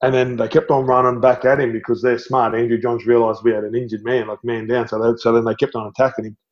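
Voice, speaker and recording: A man's voice: mid-range voice, quick pace, highs cut off. A middle-aged Australian man, a former footballer guest, telling stories animatedly and laughing often. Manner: animated storyteller, laughs often, says "mate". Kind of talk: storytelling interview.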